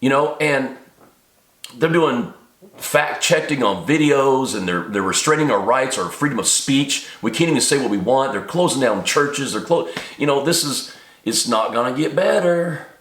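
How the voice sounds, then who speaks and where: A man's voice: medium pitch, lively intonation, normal speed, fairly bright tone. A middle-aged man ranting to camera in an agitated monologue, his voice climbing sharply when he gets worked up. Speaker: video maker. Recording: echoey room.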